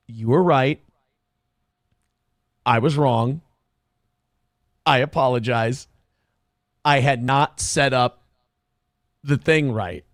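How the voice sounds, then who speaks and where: A man's voice: medium pitch, takes it slowly, pauses often, no room sound, clean studio sound. A man talking casually on his own stream, rambling and self-deprecating as he explains his setup.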